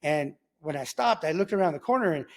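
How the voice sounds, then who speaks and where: A man casually telling his own story in slangy talk, acting out sounds like gunshots as he goes. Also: fairly quick. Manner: animated, slangy, acts out sounds like "boom" and "pow". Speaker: guest telling his testimony.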